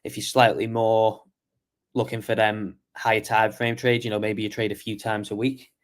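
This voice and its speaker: A man's voice: lowish voice, little pitch movement, moderate pace. A man hosting a casual market review stream, tired and yawning as he walks through charts and answers chat questions. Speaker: trading show host.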